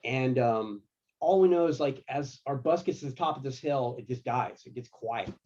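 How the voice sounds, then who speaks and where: A man working as a guitar tech, telling tour stories in a casual, slangy, animated way. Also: mid-range voice, normal speed, muffled recording. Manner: animated, laid-back, slangy. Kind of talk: casual storytelling.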